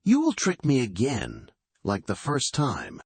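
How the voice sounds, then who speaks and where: A man's voice: medium pitch, huge pitch swings, unhurried, a little mellow, husky, no room sound, voice pushed up, heavily acted. A man voicing a firm, earnest young male student in a storybook reading. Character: stubborn young male student, clever son.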